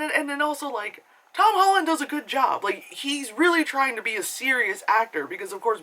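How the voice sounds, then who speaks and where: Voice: medium pitch, sharp tone, low-quality recording. A movie reviewer talking casually and rambling, with lots of fillers, swearing and frequent laughter. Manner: laughs often, does quick impressions. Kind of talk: casual spoken film review.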